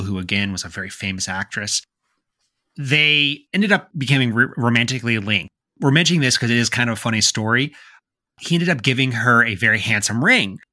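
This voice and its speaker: A young man co-hosting a podcast, chatting about a film in an animated, joking way. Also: medium pitch. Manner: animated, joking, quick to laugh. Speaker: podcast co-host. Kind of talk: casual movie review chat.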